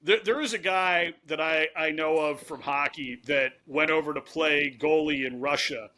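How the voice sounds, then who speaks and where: A man's voice: a little high, moderate pace, bright, forceful tone, slight background noise. A man hosting a podcast, chatting casually and asking questions with long setups. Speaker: podcast host. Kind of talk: casual interview.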